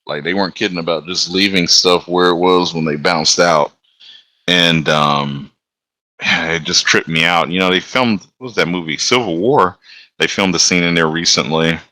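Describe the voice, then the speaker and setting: A man's voice: sits low, normal speed, sharp tone, no echo. A man, a guest telling laid-back stories on a podcast and laughing often. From Alabama. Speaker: guest, locomotive engineer. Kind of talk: casual storytelling on a podcast.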